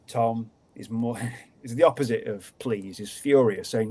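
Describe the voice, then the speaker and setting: A man, a guest storyteller on a podcast, narrating a folk tale in a lively, dramatic way. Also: medium pitch, normal speed.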